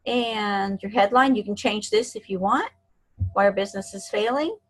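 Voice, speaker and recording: A woman giving a screen-share software tutorial in a chatty, encouraging way, talking to herself as she clicks. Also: medium pitch, normal speed, low-quality recording. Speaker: online marketing instructor.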